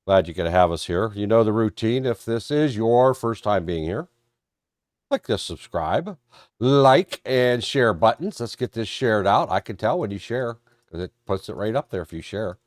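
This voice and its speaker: A man's voice: on the low side, expressive, normal speed, no room sound, studio quality. A man moderating a live trading stream, talking in a folksy, rambling way with a stuffed-up head cold. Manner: folksy, rambling, self-deprecating. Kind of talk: live-stream market talk.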